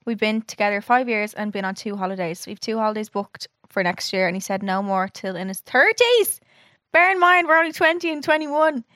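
A woman's voice: mid-range voice, dry recording, clean studio sound. A woman in her twenties co-hosting a casual podcast, reading listener emails aloud and chatting animatedly. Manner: fast, animated, laughs and swears often. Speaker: podcast co-host.

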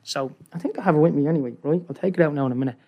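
A man telling a long, rambling story in casual chat, excitable and peppering his talk with "right?". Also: fairly high pitch, racing, dull audio. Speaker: guest.

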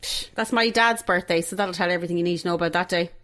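A woman's voice: fairly low pitch, rapid-fire, a bit bright. A young woman chatting casually, blunt and sarcastic, with a lot of swearing. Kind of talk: casual chat.

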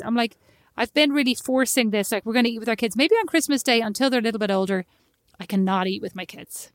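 A woman in her thirties, from Ireland, co-hosting a podcast and chatting casually, telling animated stories. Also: a little high, quick pace, no room sound, clean studio sound. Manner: animated storytelling, acts out her child's lines. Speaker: podcast co-host. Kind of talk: casual chat.

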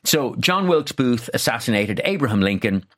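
A man's voice: mid-range voice, very animated, moderate pace, a bit bright. Chatty man telling travel stories. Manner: enthusiastic storyteller, chatty with many restarts. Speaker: travel journalist guest. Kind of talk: casual radio chat.

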